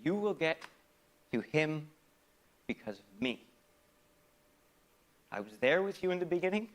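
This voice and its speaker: A man performing a theatrical comic monologue, swinging between loud outbursts and hushed asides in a mock-grand, philosophical manner. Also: on the high side, very animated, measured pace. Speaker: stage performer.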